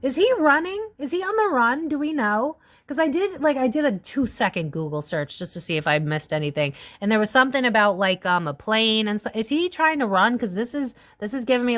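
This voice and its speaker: A woman in her thirties chats through a tarot reading in a casual, rambling way. She leans on fillers and lets her pitch jump around as she thinks aloud. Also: brisk. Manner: chatty, filler-heavy, animated pitch swings. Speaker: tarot reader. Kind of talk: casual psychic reading monologue.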